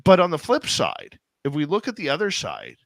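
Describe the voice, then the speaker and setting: A man's voice: a little high, huge pitch swings, moderate pace, a bit bright, no echo. A man hosting a talk radio show, rambling and sarcastic, firing off rhetorical questions. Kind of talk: casual talk radio banter.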